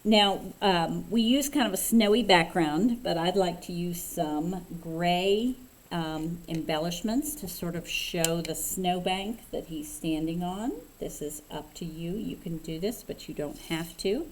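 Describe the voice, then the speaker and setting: Woman craft instructor, lower voice, casual step-by-step talk, faint hum in the room. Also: poor audio. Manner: relaxed, unhurried, thinking aloud with fillers. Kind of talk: step-by-step painting tutorial.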